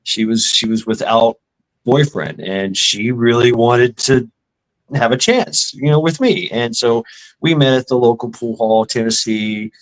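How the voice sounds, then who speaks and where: A middle-aged man spins loose, rambling stories in a voice of ordinary pitch, sprinkled with curses and filler words. He drops into the voices of the people he describes as he goes. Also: a little slow, poor audio. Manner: rambling, profane, acts out other people's lines. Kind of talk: casual storytelling.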